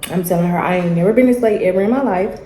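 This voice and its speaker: A young woman, telling a story in a casual, animated vlog chat and acting out the dialogue. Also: lowish voice, very fast, echoey room, slight background noise, low-quality recording. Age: young adult. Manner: animated, chatty, acts out dialogue. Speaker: vlogger. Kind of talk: casual storytelling while eating.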